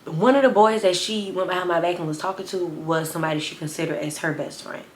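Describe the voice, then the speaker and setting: A woman in her twenties tells a story straight to her viewers with a sassy, animated delivery. Her voice sits a little low, and the room around her rings with a noticeable echo. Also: quick pace, a little hiss or hum. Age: 20s. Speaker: vlogger. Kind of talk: storytime vlog. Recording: roomy echo.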